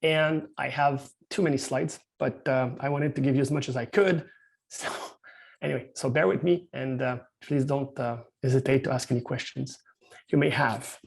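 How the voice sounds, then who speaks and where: Speaking with a Quebec French accent, a company founder gives a hesitant webinar talk at an industry seminar over video call, stumbling through fillers and restarts. He has a mid-range, steady, slightly rough voice with vocal fry and talks at normal speed.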